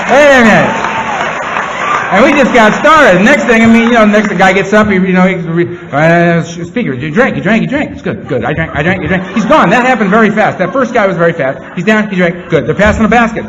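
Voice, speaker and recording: A man giving a speech to a meeting room audience. He talks earnestly, slipping into rapid-fire repeated phrases. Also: sits high. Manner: animated, rapid-fire repetition; earnest, heartfelt. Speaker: recovery meeting speaker. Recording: slightly muffled, faint room hum.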